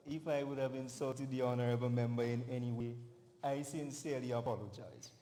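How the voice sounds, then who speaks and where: Speaking for the opposition in a youth parliament, a young Grenadian man delivers a formal debate speech with a high, mellow voice, deliberately stressing his words. The large chamber echoes with long reverb, and there's slight background noise.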